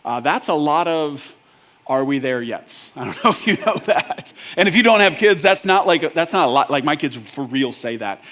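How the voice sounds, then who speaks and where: A male pastor preaching a sermon in a casual, joking, conversational way, often checking in with the congregation with quick questions. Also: fairly high pitch, lively intonation, a bit bright. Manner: asks the audience rhetorical check-ins.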